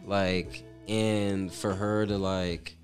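A man's voice: sits low, little pitch movement, drawn-out words, soft background music. A man chatting casually as a guest, telling stories in a rambling, profane way full of fillers. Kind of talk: casual storytelling chat.

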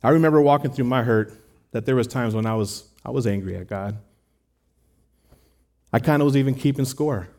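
Guy preaching a sermon, mellow warm tone, earnest and chatty with the crowd. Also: mid-range voice, brisk, long pauses. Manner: earnest, conversational preaching with rhetorical asides. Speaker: pastor.

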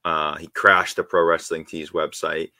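Deep-voiced excited podcast guy. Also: unhurried, no room sound, studio quality. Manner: excited, rambling with many fillers and restarts. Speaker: podcast co-host. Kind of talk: casual podcast chat.

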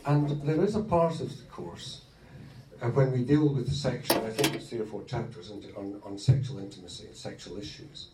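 A man co-leading a marriage course, talking informally to a group of couples in a good-humoured, halting way and laughing often. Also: mid-range voice. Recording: roomy hall, distant mic, faint noise.

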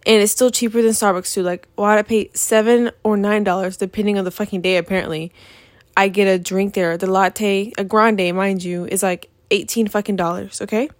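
A woman's voice: medium pitch, brisk, no room sound. A young woman, hosting a podcast in a profane, exasperated rant. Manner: profane, animated, exasperated ranting. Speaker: podcast host. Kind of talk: ranting casual monologue.

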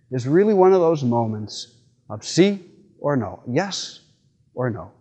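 A middle-aged man, a priest, giving a homily in a church with relaxed, folksy storytelling and frequent fillers. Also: mid-range voice. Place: church sanctuary.

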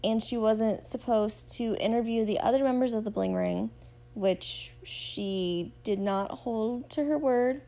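A woman's voice: a little high, a little slow, vocal fry, dark tone. A woman hosting a podcast, chatting casually and gushingly as she recaps a show and talks straight to her listeners. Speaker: podcast host.

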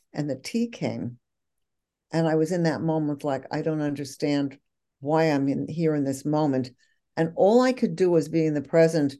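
A woman with a lowish, mellow, relaxed voice talks as a guest in a casual conversation. She tells personal stories thoughtfully and earnestly. Her tone stays soft and warm rather than bright. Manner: reflective, earnest storytelling.

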